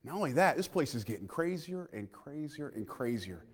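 An impassioned male preacher whose high voice leaps up and down as he swings from shouted declarations to near-whispers. He keeps putting questions to the congregation. The sound carries a long reverb through the church hall. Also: very animated, moderate pace, husky. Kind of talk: sermon.

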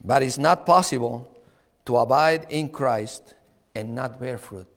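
A man preaching a sermon, slow and emphatic, repeating key words and chuckling now and then. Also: medium pitch, in a large hall.

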